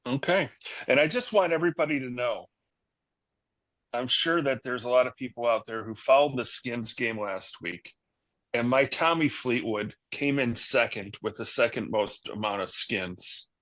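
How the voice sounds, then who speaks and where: A man co-hosting a casual gambling podcast, with a mid-pitched voice recorded dry and close. He lays out his bets methodically, spelling out names letter by letter. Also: moderate pace, fairly bright tone, dry recording. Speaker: podcast co-host. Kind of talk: casual sports betting chat.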